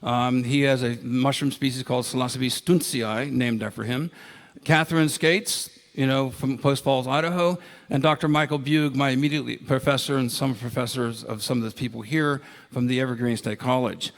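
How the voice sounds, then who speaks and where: Man in his sixties from Ohio, conference speaker, chatty anecdotal storyteller, mid-pitched. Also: steady tone, moderate pace, creaky. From Ohio, United States. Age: 60s. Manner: anecdotal, enthusiastic, with many fillers. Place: conference ballroom.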